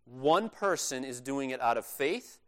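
A man's voice: medium pitch, lively intonation, unhurried, fairly bright tone, clean tone. A male pastor preaching a sermon in a conversational, earnest way, stressing his key points.

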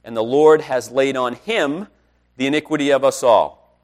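A middle-aged man, a pastor, preaching a conversational sermon and telling personal stories, growing louder on key points. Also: mid-range voice, normal speed.

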